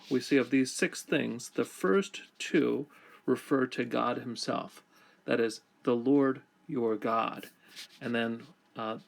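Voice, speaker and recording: A man with a gravelly edge to his voice teaches Hebrew grammar at an unhurried pace. He reads the verse phrase by phrase and then explains each form in a measured, deliberate way. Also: mid-range voice. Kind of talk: slow, measured scripture lesson.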